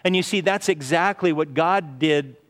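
Male preacher, sermon, earnest storyteller, fairly high voice, long hall reverb. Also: normal speed. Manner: earnest storytelling, often says "you see". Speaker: pastor.

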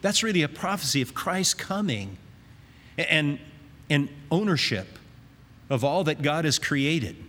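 A man preaching an expository sermon, earnest and emphatic, reading scripture slowly. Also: fairly high pitch, sing-song, fairly bright tone. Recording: reverberant hall.

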